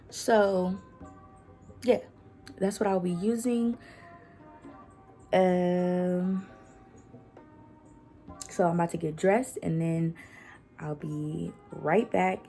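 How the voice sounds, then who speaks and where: A woman's voice: lowish voice, fairly even intonation, takes it slowly, vocal fry, long pauses, mellow. A young woman vlogging from her bedroom at home, chatting to camera in a laid-back, slangy way. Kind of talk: casual chat to camera. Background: music playing.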